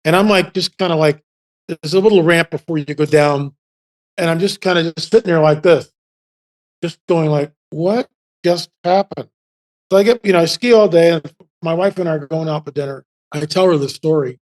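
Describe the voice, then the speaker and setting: A man in his seventies, a podcast guest telling casual stories in an animated, rambling way full of restarts. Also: a little high, a little fast. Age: 70s. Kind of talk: casual storytelling.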